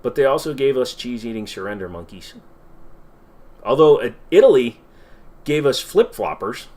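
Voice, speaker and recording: A man in his middle pitch range who hosts a casual livestream Q&A. He rambles from one viewer comment to the next and swears freely as he goes. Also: very animated, normal speed, pauses often, a little mellow. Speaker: livestream host.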